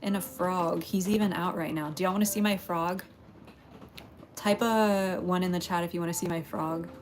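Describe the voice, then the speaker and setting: A woman's voice: fairly low pitch, steady tone, moderate pace, slight background noise. A woman from Texas, hosting a casual pottery livestream, chatting with viewers, greeting them by name and laughing often.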